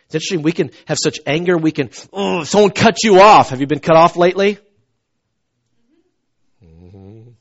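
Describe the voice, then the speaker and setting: A man preaching a conversational sermon, telling stories with swings from soft asides to loud outbursts. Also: high voice, moderate pace, long pauses. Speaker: pastor. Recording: dull lo-fi recording.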